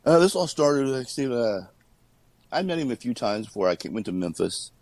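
A man, a former wrestler, telling stories in a casual interview, animated and laughing often while he acts out what people said. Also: medium pitch, moderate pace, no room sound, rough recording.

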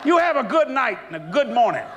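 A preacher voicing a gruff cussing trucker. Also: male voice, very high-pitched, very animated, a little fast, a bit bright, a little hiss or hum, full character voice. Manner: blunt, swearing.

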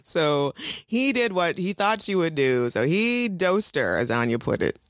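A woman co-hosts a casual talk show recapping a TV episode. Her pitch jumps around a lot as she laughs, swears and acts out the characters, and the recording is dry and close. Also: very animated, a little slow, no room sound. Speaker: podcast co-host.

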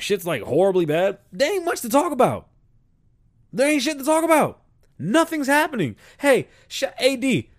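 A man's voice: high voice, no echo, studio quality. Profane, rambling New man. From South Bronx, New York. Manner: profane, rambling, loose street slang. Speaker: podcast host. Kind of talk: casual monologue.

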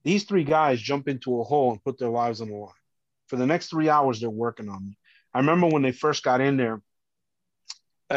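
A man's voice: medium pitch, dry recording, muffled recording. A former police officer telling his own story as a podcast guest, intense and emphatic, repeating phrases for weight. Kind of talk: emotional first-person storytelling.

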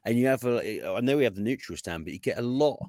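A man's voice: medium pitch, lively intonation, fast talker, darkish tone, dry recording, clean studio sound. A man chatting casually as a podcast guest, rambling with fillers and restarts. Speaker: podcast guest, Fulham fan. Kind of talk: casual football podcast chat. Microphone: podcast microphone.

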